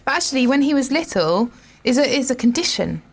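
A woman's voice: high-pitched, very animated, brisk, slightly rough. Giggly woman co-hosting radio. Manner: giggly, chatty storyteller. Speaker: radio co-host. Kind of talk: casual radio chat.

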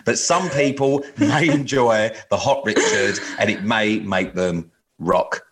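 A man's voice: lowish voice, slow, a bit bright. Cheeky man co-hosting a podcast. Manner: cheeky, self-mocking, swears and laughs. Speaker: podcast co-host. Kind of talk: casual podcast banter.

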